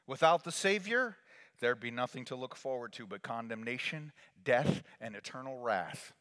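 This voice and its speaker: A man preaching a sermon as pastor, swinging from hushed lines to loud calls for the congregation to repeat after him. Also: medium pitch, expressive, moderate pace, clear, resonant tone. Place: church sanctuary. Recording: long reverb of a large hall.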